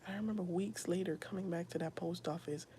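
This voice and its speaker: A young woman giving a whispered personal testimony, soft and halting, with a gravelly edge. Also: fairly low pitch, fairly even intonation, a little hiss or hum. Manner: soft, often whispered, halting with many fillers. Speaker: streamer sharing a personal testimony.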